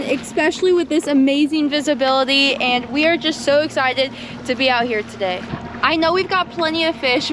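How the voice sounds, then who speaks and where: A woman vlogging in a casual, excitable way, talking to viewers from a small boat. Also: high voice. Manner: upbeat, excitable. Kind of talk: casual vlog narration. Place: small boat on the sea, outdoors. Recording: outdoors on a boat, noisy wind and water.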